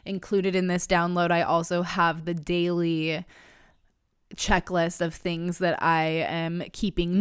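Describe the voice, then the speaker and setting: A woman's voice: on the low side, smooth, no room sound, studio quality. A woman hosting her own podcast, talking in a raw, confessional and casual way and swearing freely. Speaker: podcast host. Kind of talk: candid personal podcast monologue.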